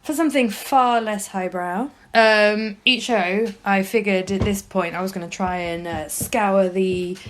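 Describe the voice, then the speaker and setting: A woman's voice: medium pitch, measured pace, few pauses, a little hiss or hum. Chatty Norfolk woman podcaster. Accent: Norfolk, mild. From England, East Norfolk. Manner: chatty, many ums and restarts, reads aloud with amused asides. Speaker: podcast co-host. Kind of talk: casual chat.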